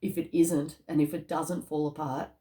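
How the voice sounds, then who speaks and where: A woman's voice: low voice, little pitch movement, moderate pace, dark tone. A woman giving a casual, emotional spiritual card reading, chatty and checking in with "okay?" and "all right?". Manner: emotional, easily moved. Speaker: psychic card reader.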